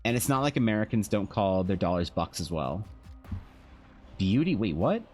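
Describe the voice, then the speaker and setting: Low-voiced sardonic Canadian man. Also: animated, moderate pace, darkish tone, soft background music. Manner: rambling, sardonic, profane. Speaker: streamer and artist. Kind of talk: casual stream chat.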